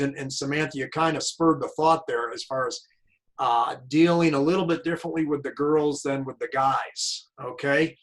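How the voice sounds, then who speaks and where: Male host, conversational storyteller, average pitch, video call. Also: fairly bright tone, low-quality recording. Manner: chatty, tells anecdotes. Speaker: host and tennis coach. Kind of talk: casual interview chat.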